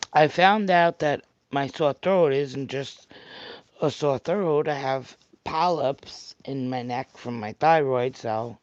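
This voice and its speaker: A man's voice: medium pitch, dry recording, dull audio. A man with a thick Staten Island New York accent, rambling casually to his viewers on a livestream and answering their comments. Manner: rambling, chatty, talks straight to viewers. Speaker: vlogger reading live comments.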